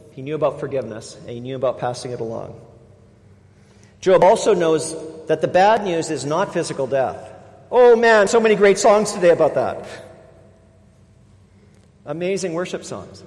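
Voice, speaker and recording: A man preaching a sermon as pastor, with emphatic stresses that swing between loud, drawn-out words and quiet asides. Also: fairly high pitch. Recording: long reverb of a large hall.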